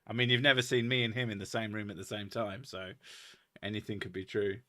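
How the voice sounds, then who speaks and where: A man's voice: lowish voice, flat delivery, brisk, pushed and bright. A British man hosting a casual chat, reading out viewer comments with lots of laughing, swearing and self-mocking jokes. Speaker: host.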